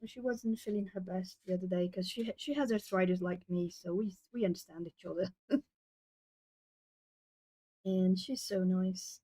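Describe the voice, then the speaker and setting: A woman's voice: fairly low pitch, moderate pace, long pauses, mellow, no room sound. Woman with a British-tinged accent, casual stream chat, rambling, laughs a lot, dry close sound. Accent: hard-to-place English accent, British-tinged. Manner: chatty, rambling, laughs often, self-corrects. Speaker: art streamer. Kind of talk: casual livestream chat while drawing.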